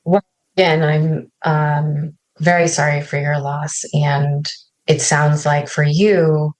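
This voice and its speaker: Reflective woman with a lowish voice. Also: level tone, slow, a little mellow. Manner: reflective, often ends points with "right?". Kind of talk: podcast conversation.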